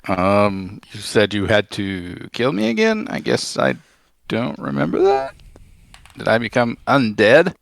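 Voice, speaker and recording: A man plays his character at a tabletop game in a slow, deliberate voice. It sits low with a gravelly edge and swings widely in pitch. The sound is dry. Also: big pitch swings, dry recording. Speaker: player.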